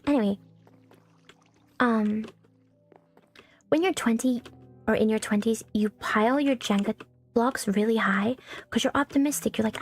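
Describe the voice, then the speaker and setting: On a home stream, a young woman with a high-leaning voice talks at normal speed, pausing often as she rambles candidly and curses freely. She's on a new condenser mic on a stand, and faint background music is audible.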